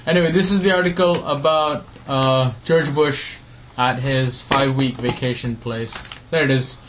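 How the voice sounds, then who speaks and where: A young man co-hosting a casual podcast, teasing his friends in quick bursts and reading news quotes aloud. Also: mid-range voice, fairly even intonation, a bit bright, a little hiss or hum. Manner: playful, exasperated, quick bursts. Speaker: podcast co-host.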